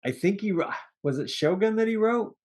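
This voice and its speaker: A man's voice: high-pitched, animated, brisk, a little mellow. A man co-hosting a casual movie review podcast, rambling through cast names with restarts and chuckles. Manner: rambling, restarts, laughs at own jokes. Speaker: podcast co-host.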